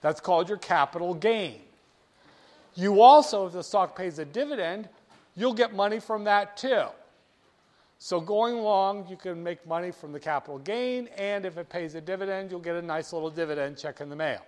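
A man's voice: high-pitched, normal speed, darkish tone. A man lecturing a class, stressing key words and having students repeat phrases back to him. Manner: emphatic, drills terms, asks students to repeat. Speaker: teacher.

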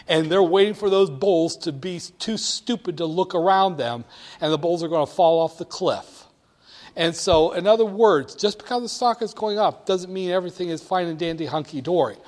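Animated man lecturing a class. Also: sits high. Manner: animated, emphatic, swings between quiet and loud. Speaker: instructor.

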